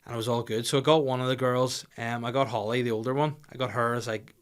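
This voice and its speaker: Brief: male comic, mid pitch, rambling and excitable with lots of swearing, podcast monologue. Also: fast, clean tone. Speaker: comedian podcast host.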